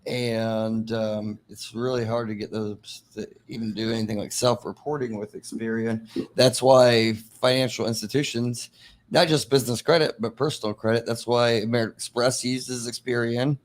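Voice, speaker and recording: A man on a live stream as a guest, explaining credit questions in a relaxed, chatty way. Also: mid-range voice, normal speed. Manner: relaxed, explanatory, laughs easily. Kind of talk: casual live stream chat.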